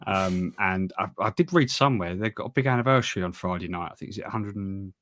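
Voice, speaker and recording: A man co-hosting a casual football podcast, talking in a wry, halting way with frequent restarts. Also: deep voice, a bit bright. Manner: wry, hesitant, trails off and restarts. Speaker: podcast co-host.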